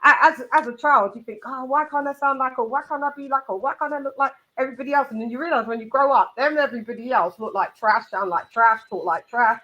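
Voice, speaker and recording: A woman's voice: high-pitched, fast talker, few pauses, pushed and bright, dull audio. A woman hosting a casual boxing chat livestream, bantering and laughing as she talks. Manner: chatty, laughing, swearing banter. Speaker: host.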